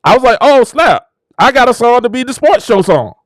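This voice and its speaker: Delivering a preaching-style motivational talk, this show host has a high, fervent, sing-song voice at normal speed. His pitch swings widely, sinking to low murmurs before erupting into shouts, and the recording is close and dry with no room sound.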